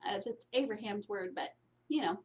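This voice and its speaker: A woman's voice: mid-range voice, normal speed, a little mellow, a little hiss or hum. A woman coaching on spiritual prosperity in a casual, meandering talk, repeating her phrases and checking in with "right?".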